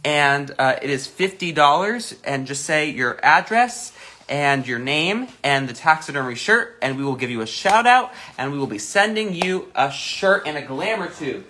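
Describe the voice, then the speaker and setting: A man's voice: a little high, animated, moderate pace, sharp tone, a little hiss or hum. A man co-hosting a livestream shop, chatting plainly and reading out orders. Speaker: co-host taking orders. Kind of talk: casual livestream chat. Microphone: phone livestream.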